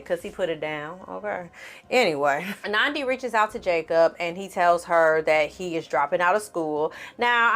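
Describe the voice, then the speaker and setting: Sassy woman recapping a show. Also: on the low side. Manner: sassy, animated, talks straight to viewers with slang and cursing; acts out the characters' lines in quick put-on voices. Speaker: film and TV recap host. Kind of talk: casual recap commentary.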